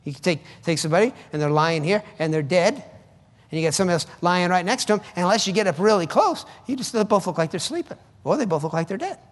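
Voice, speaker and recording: A man's voice: high voice, animated, quick pace, in a large hall. A man preaching a sermon in an emphatic, conversational way, often repeating his phrases for effect.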